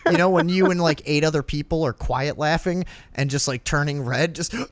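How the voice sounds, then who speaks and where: A man's voice: on the high side, fairly quick, dry recording. Profane man telling a prank story. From Downers Grove, Illinois area. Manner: profane, laughing, acts out voices in anecdotes. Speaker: podcast host. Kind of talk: casual storytelling chat.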